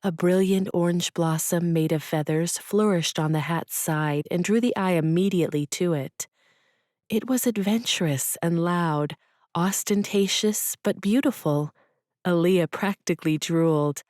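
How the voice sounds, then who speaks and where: A woman reading a romance audiobook as narrator, telling it in a measured, gentle way. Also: lowish voice, dry recording, clean studio sound. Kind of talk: scripted narration.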